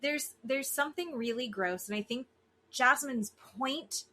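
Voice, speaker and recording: A woman's voice: high-pitched, a little slow. A woman co-hosting a podcast in casual chat, blunt, swearing freely and mimicking the people she talks about. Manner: animated, mimics people in quotes. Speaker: podcast co-host.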